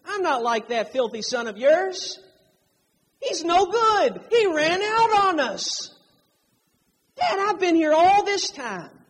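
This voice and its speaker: A preacher putting on a whiny resentful older son. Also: male voice, very high-pitched, very animated, slow pace, fairly bright tone, voice pushed up, heavily acted. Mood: whining. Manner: whiny, complaining. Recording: long hall reverb.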